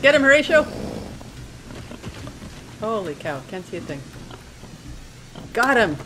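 A woman's voice: on the high side, sing-song, slow pace, background noise. A woman giving casual gameplay commentary, chatting to her in-game pet companion as she plays. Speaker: let's play gamer.

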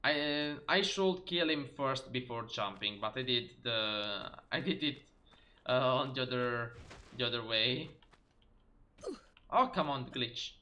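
Bright-voiced male game streamer. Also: medium pitch, unhurried, lo-fi sound. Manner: chatty, exclaiming at the game, talking to chat. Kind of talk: live game stream commentary.

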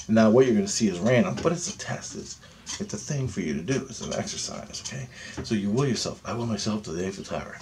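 A man's voice: deep voice, background noise. Profane, insistent man guiding a meditation. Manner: profane, insistent, repeats "okay?" often; grows louder and more animated as he goes. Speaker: meditation teacher. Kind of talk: guided meditation instruction.

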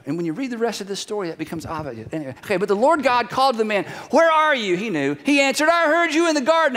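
A male pastor giving a sermon in a church, animated and conversational, dropping to hushed emphasis on key points. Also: high-pitched, big-room sound. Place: church sanctuary.

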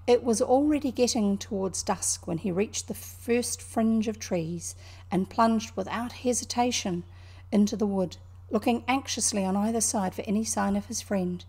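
Speaking in a mid-range voice that is mellow, husky and a little gravelly, a New Zealand woman reads from a classic children's book. She breaks off occasionally to explain words for the young audience.

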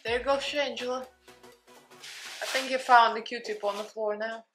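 This Russian-accented beauty vlogger, a young adult woman, keeps up a casual chat during her makeup tutorial and addresses her cat between steps. She speaks at a measured pace in a steady, a bit bright, slightly high voice, with faint music behind her.

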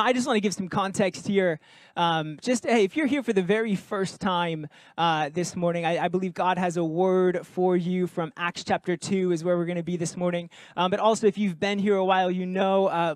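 A man's voice: high voice, no echo. A man preaching a sermon as pastor, talking in a conversational, jokey way and asking the congregation questions. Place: church service with congregation.

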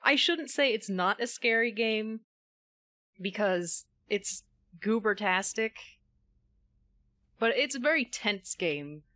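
A woman's voice: mid-range voice, lively intonation, slow, long pauses, pushed and bright, no echo, studio quality. A woman streaming a video game live, chatting casually, joking and swearing freely. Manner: profane, joking, laughs often.

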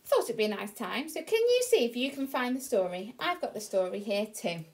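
A woman teaching a phonics reading lesson to young children, slow, clear and encouraging. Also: on the high side, big pitch swings.

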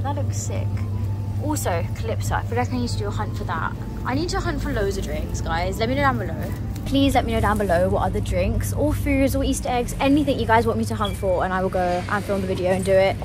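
A woman's voice: fairly high pitch, background noise. A chatty young woman vlogging casually to her viewers, a bit out of breath from walking between shops. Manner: chatty and excitable, addressing viewers as guys. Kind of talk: casual vlog to camera.

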